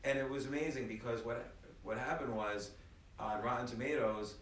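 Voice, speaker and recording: A man's voice: mid-range voice, moderate pace, far from the mic, a little hiss or hum. Male guest, casual talk, restless storyteller; phone mic across an echoey room with faint ambience. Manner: animated storyteller, many restarts. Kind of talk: casual conversation. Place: apartment room. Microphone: phone recording from across the room.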